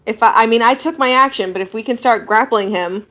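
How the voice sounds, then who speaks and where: A woman's voice: fairly high pitch, brisk, fairly bright tone, muffled recording. A woman playing a tabletop game who talks hesitantly and often restarts her sentences. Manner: hesitant, restarts mid-thought. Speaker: player.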